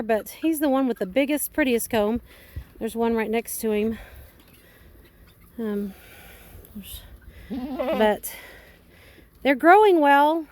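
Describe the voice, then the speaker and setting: A woman's voice: a little high, a little mellow. A woman giving a rambling, matter-of-fact tour of her farm outdoors in a casual vlog, filming on a handheld phone. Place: outdoors on a farm among animals.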